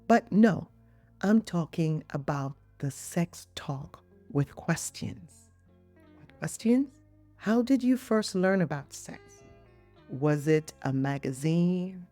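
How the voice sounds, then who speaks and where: A woman's voice: lowish voice, lively intonation, slow pace, warm tone, soft background music. A middle-aged woman hosting a podcast, chatting in a playful way with teasing asides to the listener. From Jamaica. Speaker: podcast host and physician.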